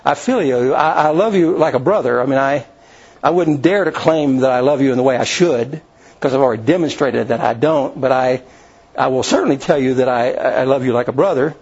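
Male preacher, husky, retelling scripture casually with asides, muffled lo-fi recording. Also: mid-range voice, brisk, a little mellow. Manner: retells scripture in his own words, with restarts and asides. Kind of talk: informal sermon storytelling. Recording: dull lo-fi recording.

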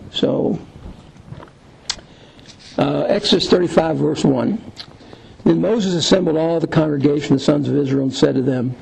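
A man teaching an unscripted Bible lesson, thinking aloud with frequent pauses and restarts, and reading scripture aloud. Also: mid-range voice, vocal fry, darkish tone, breathy edge, low-quality recording. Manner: halting, many fillers and restarts, thinking aloud.

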